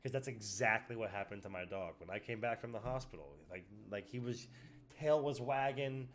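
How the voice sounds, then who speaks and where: A man's voice: fairly low pitch, moderate pace, slight background noise. A man chatting casually as a streamer, rambling and emotional, swearing a lot, close to tears. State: tearful. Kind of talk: casual chat.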